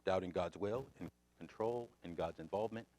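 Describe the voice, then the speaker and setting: An American man teaching a Sunday school Bible class, swinging between loud emphatic questions and quiet asides. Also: low voice, fairly quick.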